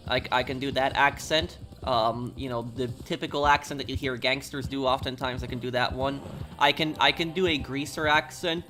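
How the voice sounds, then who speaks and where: An American man streaming casually, rambling with many halting pauses and reading chat comments aloud. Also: medium pitch, fairly even intonation, sharp tone, slight background noise. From United States. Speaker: game streamer.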